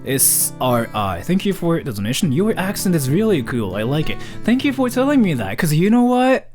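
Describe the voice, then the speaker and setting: A young man from Japan with a Japanese accent, chatting on a livestream and reading out donations in a joking, animated way with lots of filler words. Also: a little high, moderate pace, over music. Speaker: streamer.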